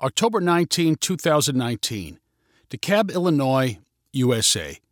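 A man reading a story aloud as narrator, in a clear, expressive way. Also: mid-range voice, normal speed, no echo, studio quality.

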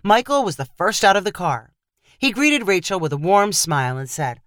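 A woman's voice: on the low side, normal speed, no room sound. Woman narrating a story, dry close sound. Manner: steady storytelling read. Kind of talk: scripted narration.

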